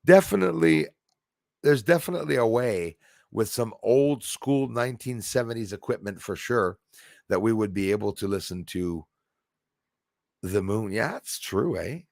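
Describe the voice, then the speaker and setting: A man hosting a casual livestream, rambling excitably and answering viewers' comments aloud. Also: fairly low pitch, moderate pace, vocal fry, no echo, clean studio sound. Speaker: livestream host.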